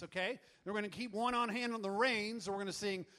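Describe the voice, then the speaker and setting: High-voiced, upbeat male worship leader. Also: a little fast, a bit bright. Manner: upbeat, coaxing and teasing the crowd. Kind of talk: teaching a church congregation a song. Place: church room with an audience.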